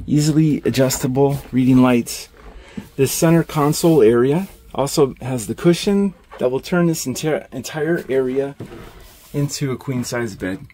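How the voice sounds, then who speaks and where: Touring a camper van, this man works as an RV salesman and narrates casually, sounding upbeat as he names every feature he shows. He speaks in a mellow, medium-pitched voice over a bit of background noise.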